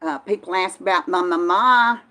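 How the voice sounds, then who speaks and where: An older woman, talking in a slightly low voice. She chats easily and folksily, greeting viewers by name as she reads the live chat. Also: normal speed, pushed and bright. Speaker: vlog host reading live chat. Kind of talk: casual live-stream chat.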